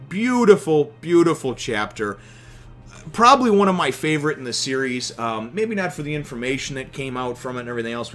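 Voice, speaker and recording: A man in his thirties casually reviewing a comic chapter from his home office, animated and emotional, swearing now and then. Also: mid-range voice.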